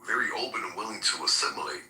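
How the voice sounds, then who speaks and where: A man co-hosting a podcast, talking politics in an animated, profane and rhetorical way. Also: lowish voice, very fast. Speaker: podcast co-host. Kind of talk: casual political talk. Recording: roomy echo, far from mic.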